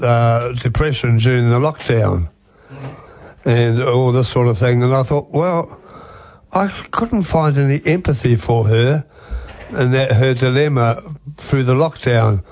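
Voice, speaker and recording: Older guy commenting on talk radio, slow and measured, lots of uhs. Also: mid-range voice, a little mellow. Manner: measured, hesitant with fillers. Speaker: regular commentator.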